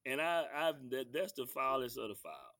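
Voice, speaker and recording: A man, a basketball coach telling animated stories as an interview guest and acting out the referees. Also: mid-range voice, normal speed, no room sound, clean studio sound. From Texas. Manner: lively storyteller acting out referees and himself. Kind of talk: animated storytelling.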